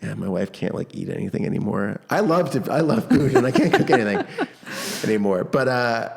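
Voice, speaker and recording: A man co-hosting a podcast in casual chat, rambling easily and laughing often, his voice a little hoarse from shouting. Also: mid-range voice, sing-song, brisk. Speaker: podcast co-host, music teacher.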